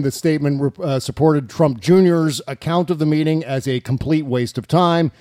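Guy hosting a political chat show, kinda high voice, giggles a lot, goofy asides, dry close sound. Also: mellow, no echo. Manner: giggly, silly, mocking, reads news aloud with asides. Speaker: podcast host. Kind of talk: casual political talk show.

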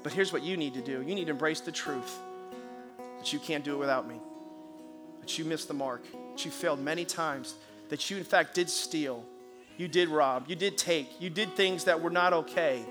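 A man preaching as a pastor, telling a lively story and then leading a hushed, earnest prayer in a church. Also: fairly high pitch, normal speed, music in the background. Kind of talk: sermon with storytelling and altar call. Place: church auditorium.

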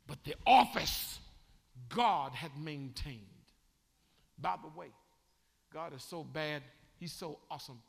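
A man preaching a sermon as bishop, swinging from shouting to chatty asides. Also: a little high, long reverb tail. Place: church sanctuary.

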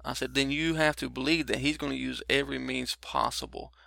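A man's voice: medium pitch, fairly quick, gravelly, bright, forceful tone, no room sound. A middle-aged man giving a casual broadcast Bible teaching, explaining verses in a conversational way with frequent fillers and restarts.

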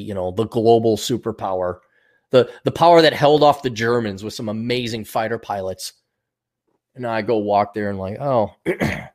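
A man hosting a casual livestream, reading out donations and rambling in a crude, self-mocking way. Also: fairly low pitch.

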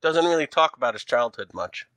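A man with a New York accent voicing a worried young woman from a dance troupe, answering haltingly with many fillers. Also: mid-range voice, expressive, fairly bright tone, no room sound, natural voice. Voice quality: broad, leaned-in street accent.

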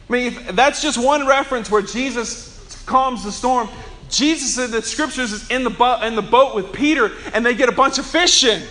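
A man preaching a Sunday sermon, telling humorous, chatty stories and slowing down to press points home. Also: very high voice, fairly bright tone, slight background noise. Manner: earnest preaching with slow emphasis. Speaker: pastor.

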